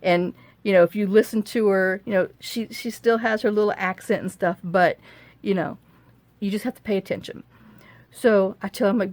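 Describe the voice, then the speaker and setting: A woman's voice: mid-range voice, fairly even intonation, normal speed, a little mellow, dry recording. A woman vlogger chatting and telling a long story while she crafts, frank and rambling, recorded on a phone camera. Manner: rambling, frank, repeats herself.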